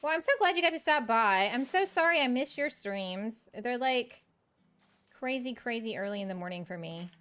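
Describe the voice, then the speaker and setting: Here a woman gamer talks to her stream audience in a chatty, self-mocking way, laughing often as she plays. Her voice sits a little high and is a bit bright, with lively intonation at a normal speed.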